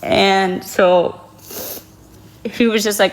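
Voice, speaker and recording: A woman's voice: lowish voice, normal speed. A young woman tells a personal story in a loose, confessional way. Her speech is restless and emotional, packed with "like" and restarts. She sounds like a guest talking openly about something that shook her. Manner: heavy use of "like", emotional and restless. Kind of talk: casual confessional account.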